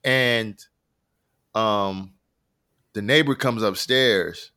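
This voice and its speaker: A man's voice: fairly low pitch, extremely slow, sharp tone, clear, resonant tone. A man co-hosting a podcast, telling long stories in a rambling, slangy, profane way. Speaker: podcast co-host. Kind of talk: casual podcast chat.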